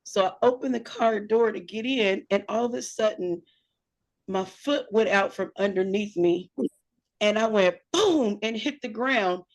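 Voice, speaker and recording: A woman co-hosting a casual talk show, telling a church story in an animated way and laughing often. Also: mid-range voice, unhurried. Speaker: podcast co-host.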